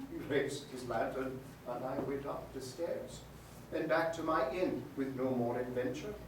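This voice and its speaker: Male storyteller in an echoey hall. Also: medium pitch. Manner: measured, old-fashioned storytelling diction. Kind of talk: live ghost story narration. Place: museum event space. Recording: echoey hall, mic far off, faint noise.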